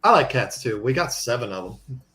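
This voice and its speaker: A man chatting casually on a live stream, blunt and quick to laugh. His voice is mid-pitched and plain, and faint music plays behind him. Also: expressive, bright, forceful tone. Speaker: aquarium YouTuber.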